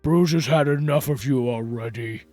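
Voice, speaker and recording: A man playing a gruff brute who speaks of himself in the third person, with a seething, blunt delivery. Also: mid-range voice, moderate pace, mellow, soft background music, lightly acted.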